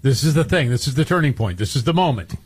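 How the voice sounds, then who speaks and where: A man co-hosting a talk radio show who chats casually, mostly in short, animated interjections. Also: medium pitch, fast talker, breathy edge. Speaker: co-host.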